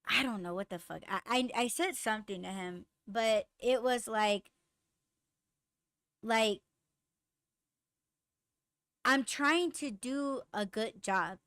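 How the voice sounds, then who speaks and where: A young woman rants through a story about a clash at work, swearing freely and acting out both sides of the argument. Her voice sits a little high, and the recording is close and dry with no room sound. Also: slow pace, long pauses, clean tone, no echo. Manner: profane, animated, lots of fillers and quoted dialogue. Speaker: podcast host. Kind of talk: casual storytelling rant.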